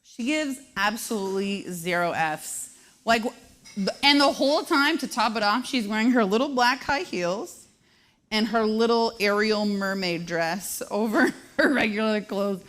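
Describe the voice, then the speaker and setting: A woman in her thirties hosting a live show, telling brash, self-deprecating comic stories at a quick clip. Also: mid-range voice, fairly bright tone. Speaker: host. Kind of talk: live comedic storytelling.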